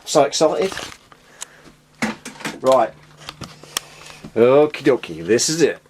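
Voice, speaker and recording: A man's voice: mid-range voice, very animated, slow, noisy background. Male vlogger, chatty and rambling, mid-range voice, recorded at a distance from the mic. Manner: rambling, chatty, self-interrupting. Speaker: guitar gear vlogger. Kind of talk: casual chat to camera.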